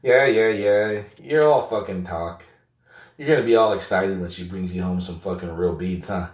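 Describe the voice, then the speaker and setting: A man's voice: deep voice, normal speed, natural voice. A man putting on a crude, teasing buddy's voice who mocks him and swears constantly, in a comedic self-dialogue. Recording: roomy echo, distant mic.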